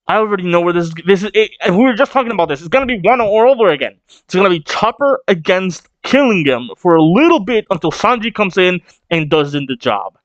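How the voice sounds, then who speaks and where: A young man reacting to a comic chapter he reads aloud, excitable and swearing, laughing often. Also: sits high, dry recording, highs cut off. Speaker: reaction streamer. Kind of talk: casual reaction reading.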